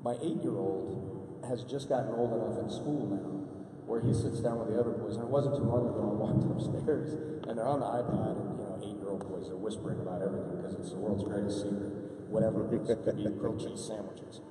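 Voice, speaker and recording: A middle-aged man, a convention panel guest, telling relaxed anecdotes. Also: lowish voice, a little fast, few pauses. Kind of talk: storytelling on a panel. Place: large convention hall. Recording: echoey hall from far off.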